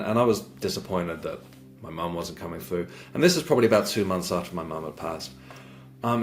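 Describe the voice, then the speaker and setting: Man, very low voice, hesitant storytelling, repeats words, earnest and reflective. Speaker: guest sharing a spiritual experience. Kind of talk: conversational personal storytelling.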